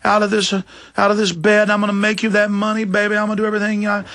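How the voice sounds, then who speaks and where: A man's voice: sits high, monotone, racing, a bit bright, voice pushed up. A man voicing a hurt young woman who pleads and pledges herself to her pimp. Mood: pleading. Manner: pleading, devoted.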